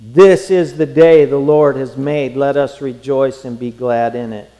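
A man preaching a sermon, emphatic and rising to near-shouts in his pleas. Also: medium pitch, steady tone, unhurried, in a large hall, low-quality recording. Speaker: pastor.

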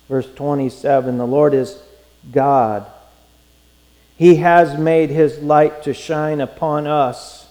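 A man preaching a sermon, emphatic and rising to near-shouts in his pleas. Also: fairly high pitch, big-room sound, low-quality recording. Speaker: pastor.

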